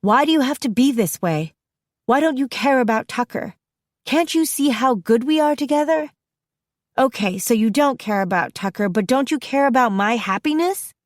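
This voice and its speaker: A woman narrator voicing an upset, defiant teenage girl who pleads in a raised, higher voice. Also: lively intonation, normal speed, darkish tone, no echo, clean studio sound, lightly acted. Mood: pleading.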